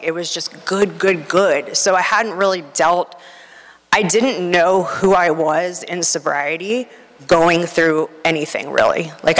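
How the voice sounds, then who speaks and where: At a recovery meeting, a nervous woman close to tears gives a candid, rambling personal testimony full of fillers. Her voice is deep yet fairly bright, echoing in a reverberant hall.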